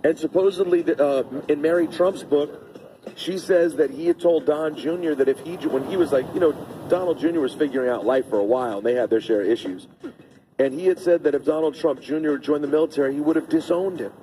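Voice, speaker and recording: Male morning-radio co-host, higher mellow voice, animated storyteller. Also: brisk, slight background noise. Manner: animated storyteller, acting out quotes. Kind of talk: casual radio banter.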